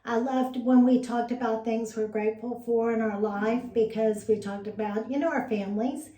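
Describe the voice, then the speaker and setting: A woman's voice: on the high side, steady tone, normal speed, dark tone. An older woman co-hosting a podcast in a chatty, easygoing way, laughing easily and repeating herself. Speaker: podcast co-host. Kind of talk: casual chat. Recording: roomy sound from off-mic.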